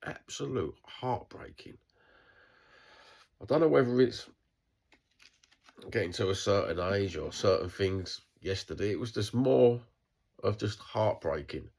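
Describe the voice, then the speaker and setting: Husky, low-voiced Cockney man. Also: expressive, moderate pace, darkish tone. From East London, England. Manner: blunt, sweary, rambling with restarts. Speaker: vlogger. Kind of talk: unscripted video diary monologue.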